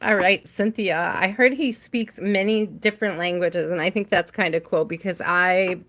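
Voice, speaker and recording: A woman's voice: fairly low pitch, steady tone, moderate pace, a bit bright. A woman hosting a live tarot stream, reading cards for viewers by name in a chatty way and laughing often.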